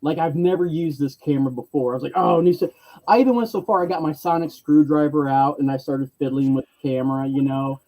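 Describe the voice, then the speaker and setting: A man telling a convention story in casual chat, lively, acting out other people's lines in varied voices. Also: fairly high pitch, fast talker, low-quality recording.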